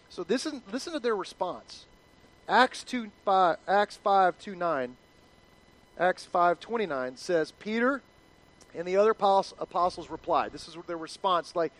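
A middle-aged male pastor preaching a sermon in an animated, conversational way, acting out quotes. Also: high-pitched, unhurried, rough recording.

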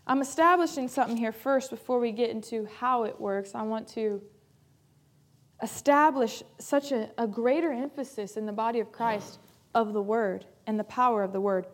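A woman's voice: a little high, normal speed. A woman pastor preaching a sermon in an earnest, emphatic way, repeating key phrases for weight.

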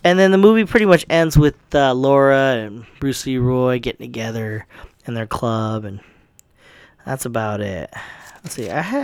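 Creaky-voiced man in a rambling movie recap. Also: mid-range voice, dry recording. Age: adult with a young child. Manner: rambling, profane, many fillers and restarts. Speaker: podcast host. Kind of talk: casual spoken movie recap.

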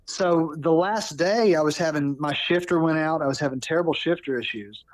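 Man, 30s, slightly high voice, casual storytelling, animated, repeats words. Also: normal speed, dry recording. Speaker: podcast guest.

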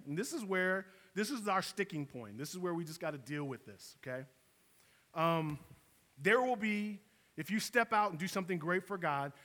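A man with a high voice preaches in a relaxed, storytelling manner, checking in with his listeners as he goes. His words ring out with a long reverb in a large church hall. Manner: casual storytelling preacher, conversational asides. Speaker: pastor. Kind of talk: sermon.

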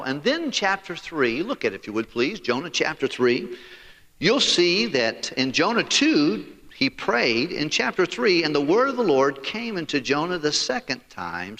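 Animated folksy man preaching in a hall. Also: medium pitch. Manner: animated, acts out the dialogue of the story; folksy and joking. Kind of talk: storytelling sermon.

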